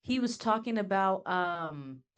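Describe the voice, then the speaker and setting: A woman co-hosting a casual anime reaction chat, blunt and jokey, quick to jump in. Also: medium pitch, expressive, smooth. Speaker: co-host.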